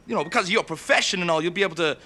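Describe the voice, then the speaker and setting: A man's voice: sits high, racing, sharp tone, faint music behind. A man playing a stammering, panicky hypochondriac crew member in an audio comedy. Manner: stammering, hysterical.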